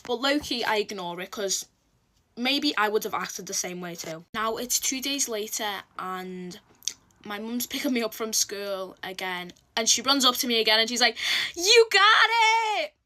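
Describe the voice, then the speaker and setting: A woman telling a personal story in casual storytime chat, expressive and full of "like". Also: medium pitch, normal speed. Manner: chatty, expressive, heavy use of "like", acts out quotes. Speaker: storytelling vlogger.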